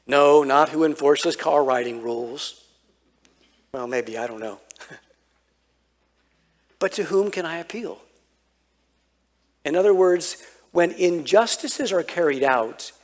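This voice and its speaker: A male pastor preaching a sermon, telling a childhood story with animated quoted voices. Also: fairly high pitch.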